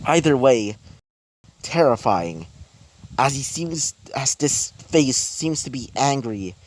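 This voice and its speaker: Slow, halting male storyteller. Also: mid-range voice, lively intonation, a little hiss or hum. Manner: halting, many fillers and restarts. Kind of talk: improvised fan-fiction narration.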